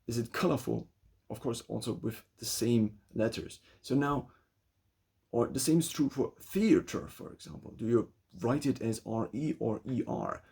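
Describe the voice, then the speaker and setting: A man's voice: medium pitch, gravelly, a little mellow, husky. A young man with a German accent, talking through his thoughts in a loose spoken essay, restarting phrases as he goes. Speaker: vlogger.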